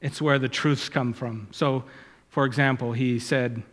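A man preaching a sermon, swelling loud and high when he quotes Scripture and dropping low and quiet on asides. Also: fairly even intonation, measured pace. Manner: rises in pitch and volume when quoting Scripture, drops low on asides. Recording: long hall reverb.

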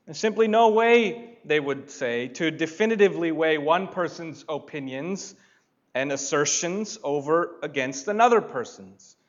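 A man preaching a sermon, deliberate and building to emphatic points. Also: on the high side, animated, lo-fi sound. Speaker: pastor.

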